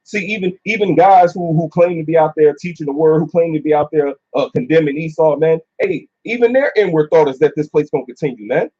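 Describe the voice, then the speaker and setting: A man's voice: on the high side, fairly quick, few pauses, mellow. A man teaching scripture in casual talk among a few men, filling his speech with "uh" and "man". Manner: preachy, filler-heavy, repeats "man". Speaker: group teacher. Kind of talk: casual religious discussion. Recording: dull lo-fi recording.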